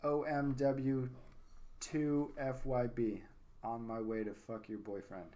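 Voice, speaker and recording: A man's voice: mid-range voice, flat delivery, slow, warm tone. A man hosting a casual podcast chat, rambling enthusiastically and repeating himself. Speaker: podcast host.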